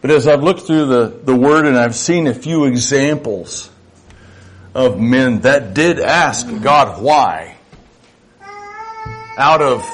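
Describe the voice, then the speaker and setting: An older man preaching a sermon to his church, folksy and reflective, sometimes acting out little dialogues. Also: medium pitch. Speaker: pastor.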